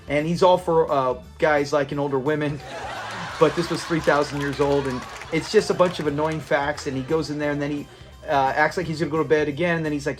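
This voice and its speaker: A man hosting his own review channel, recapping a sitcom episode in a chatty way and acting out quoted lines. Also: on the high side. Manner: chatty, retells scenes with quoted lines and laughs.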